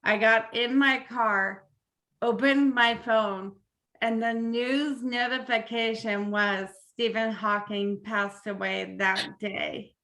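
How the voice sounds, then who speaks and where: A woman on a video call frankly telling a personal story in a measured way. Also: on the high side, fairly even intonation, fairly bright tone. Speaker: panel participant.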